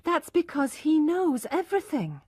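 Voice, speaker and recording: A woman's voice: high voice, very animated, unhurried, darkish tone, dry recording, clean studio sound, voice pushed up. A woman voicing an earnest young married farm woman who answers firmly and pleads to be left alone.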